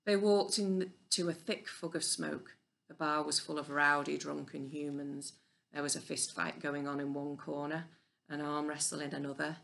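A woman reading a children's novel aloud in a clear, even storybook narration. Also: low voice, moderate pace. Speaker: audiobook reader.

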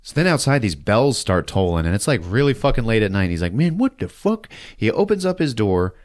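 A man's voice: fairly low pitch, a little fast. A man hosting a podcast who recaps a movie in a profane, laughing, comic way. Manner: profane, laughing, animated storyteller. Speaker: podcast host.

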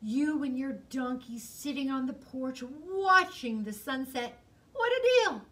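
A woman voicing a sly, fast-talking male fox who sells a swindle with showy salesman patter. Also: sits high, expressive, bright, forceful tone, distant mic, heavily acted. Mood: salesy.

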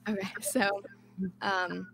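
A woman chats over a video call in a gravelly voice. She hesitates and restarts often and laughs her way through the story. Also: mid-range voice, level tone, takes it slowly, crowd noise. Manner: hesitant, many fillers and restarts, laughs while talking. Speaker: podcast guest. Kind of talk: casual chat.

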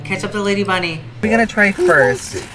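A man's voice: sits high, expressive, fairly quick. A man in drag hosting a comedic makeup tutorial, campy, playful and self-mocking. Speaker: drag queen host.

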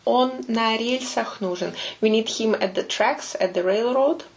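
A woman teaching phrases to English-speaking learners, speaking natively. She breaks each word down patiently and repeats it slowly and precisely. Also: fairly high pitch, creaky. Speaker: Russian language teacher. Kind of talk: language lesson commentary.

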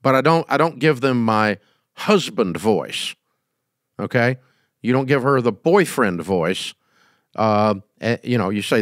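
A man's voice: mid-range voice, lively intonation, unhurried, no echo, studio quality. A middle-aged man, hosting and giving business advice in a casual, folksy, emphatic way. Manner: folksy, emphatic, acts out quoted scenes.

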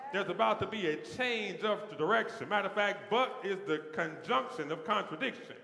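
A male pastor delivers a sermon in a high, bright, tense voice with a gravelly edge, expressive and at a moderate pace. He builds points through repetition with rising call-and-response intensity, and the roomy sound carries the long reverb of a large sanctuary.

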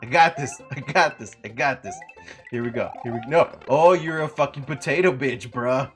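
A young man streaming a retro game, chatting casually, swearing a lot and breaking into loud outbursts, saying he is sleepy. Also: medium pitch, normal speed, faint music behind. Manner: profane, rowdy, loud outbursts and laughing.

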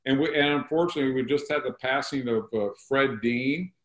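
A man's voice: medium pitch, brisk. Enthusiastic male podcast host, roomy sound. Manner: enthusiastic, promotional. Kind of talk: interview chat.

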